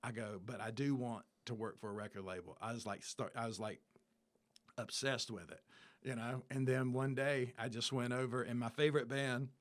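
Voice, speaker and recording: A man's voice: mid-range voice, moderate pace. A man in his fifties tells his story as an interview guest, in easy, casual talk. He acts out the people in it, dropping into their lines as he goes. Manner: animated storyteller, acts out dialogue.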